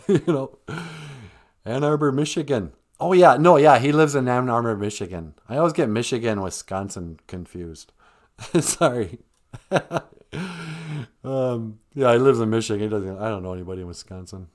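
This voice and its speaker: A man's voice: medium pitch, very animated, moderate pace, long pauses. A man hosting a livestream, chatting casually from home in a rambling, joking way. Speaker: livestream host. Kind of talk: casual chat.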